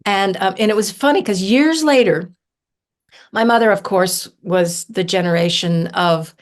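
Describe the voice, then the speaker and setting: A woman from southern Ohio, a guest on a podcast, telling stories in an animated, chatty way with many fillers. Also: medium pitch, unhurried. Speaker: herbalist guest. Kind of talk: casual storytelling interview.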